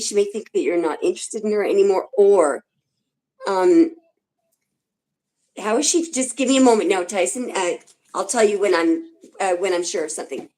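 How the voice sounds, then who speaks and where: Woman, tarot reader, live stream, emphatic, swears, lively pitch.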